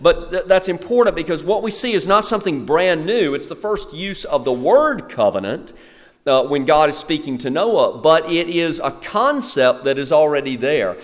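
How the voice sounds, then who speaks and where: A man preaching a sermon in an earnest way, lifting his voice for emphasis as he quotes scripture. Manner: earnest, rises in pitch and volume for emphasis when quoting scripture. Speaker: pastor. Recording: long reverb of a hall.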